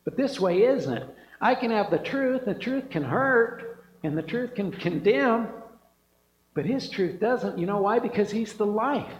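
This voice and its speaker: A man's voice: sits high, animated, unhurried, slight background noise. A male preacher delivering an enthusiastic, emphatic sermon, often punctuating lines with "man" and "right?". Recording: echoey hall, dull sound.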